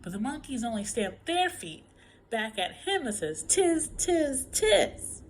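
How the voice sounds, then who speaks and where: Lively woman reading a picture book aloud. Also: fairly high pitch, moderate pace, slight background noise, low-quality recording. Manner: expressive, playful, drops to whispers. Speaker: storyteller.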